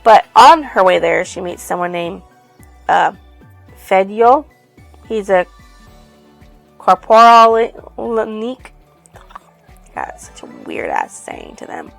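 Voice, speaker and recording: A woman's voice: on the low side, very animated, measured pace, creaky, dry recording, soft background music. A woman casually retelling a book's plot for a review, rambling loosely with many fillers and some casual swearing. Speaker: book reviewer.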